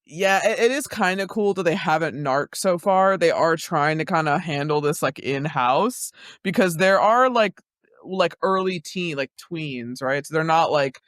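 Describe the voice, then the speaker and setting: A man co-hosting a podcast, chatting casually about a show with quick opinions and frequent laughs. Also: a little high, a bit bright, no room sound, studio quality. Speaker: podcast co-host. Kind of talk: casual recap chat.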